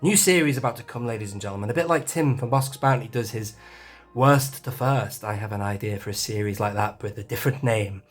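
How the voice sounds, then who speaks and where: A man's voice: on the low side, a little fast, soft background music. Chatty man in his forties. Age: 40s. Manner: chatty, self-deprecating, swears casually. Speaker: toy collector vlogger. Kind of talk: casual shelf tour.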